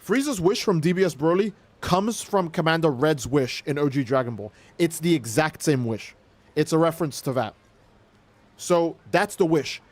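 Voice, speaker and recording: Young male streamer, slightly high voice, excitable and cussing, rambling chat. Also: normal speed, dry recording. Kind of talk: casual livestream commentary.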